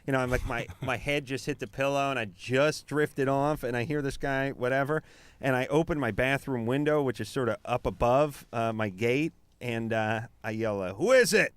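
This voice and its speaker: A man's voice: medium pitch, fairly even intonation, normal speed, clear, resonant tone, no room sound. A man co-hosting a late-night call-in radio show, telling stories in a rambling, joking way with lots of fillers.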